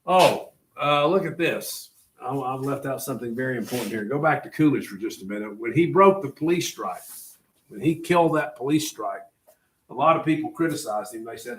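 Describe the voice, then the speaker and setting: A man's voice: mid-range voice, lively intonation, brisk. A middle-aged man giving a classroom history lecture, asking rhetorical questions and telling students what to write down. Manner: conversational, rhetorical questions, tells students to take notes. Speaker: history teacher.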